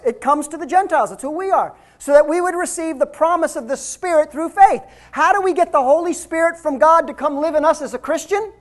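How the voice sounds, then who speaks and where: A woman pastor giving a conversational sermon, asking the congregation questions and building to shouted emphasis. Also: sits high. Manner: conversational preaching with rhetorical questions, rising to shouts.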